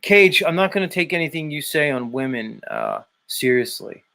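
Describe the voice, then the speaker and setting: A man's voice: on the high side, animated, normal speed, vocal fry, sharp tone. Blunt man lecturing on a stream. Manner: blunt, repetitive, emphatic lecturing. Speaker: show host. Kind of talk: casual live-stream chat reading viewer comments.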